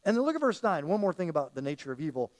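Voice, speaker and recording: A man's voice: fairly high pitch, sing-song, racing. A man preaching a sermon as pastor, talking casually and often acting out the voices he quotes.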